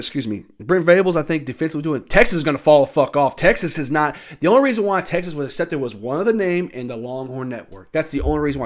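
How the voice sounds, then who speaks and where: A man in his thirties ranting alone about college sports, swearing often, irritated and heated, with sudden loud outbursts. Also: on the high side. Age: 30s. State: annoyed. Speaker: sports talk host. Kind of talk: solo sports rant.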